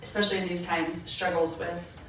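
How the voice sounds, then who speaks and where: A woman's voice: fairly low pitch, a little fast. A young adult woman co-hosting a podcast, telling stories in casual chat and acting out her own past words. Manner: animated storyteller, quotes herself. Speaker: podcast co-host. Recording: echoey room, mic far off, faint noise.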